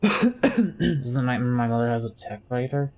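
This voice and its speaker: A man's voice: medium pitch, lively intonation, normal speed. A man streaming a game, chatting casually in a rambling, jokey way while he reads chat.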